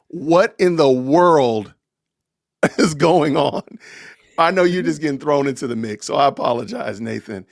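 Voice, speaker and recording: A man hosting a live-stream podcast, talking casually in an animated, exasperated and joking way. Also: fairly high pitch, normal speed, dry recording, clean studio sound. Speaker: podcast host.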